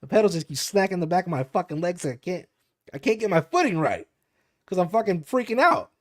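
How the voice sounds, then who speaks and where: A man's voice: high-pitched, very animated, fairly quick. A young man on a podcast, telling a spooky story casually with lots of fillers and swearing. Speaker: podcast co-host.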